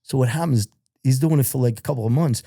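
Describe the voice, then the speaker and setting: A man's voice: mid-range voice, fast talker, creaky, mellow, no echo, studio quality. An older man telling a long crime story as a podcast guest, rambling, swearing and acting out quoted lines. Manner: profane, rambling, acts out quotes. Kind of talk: casual storytelling.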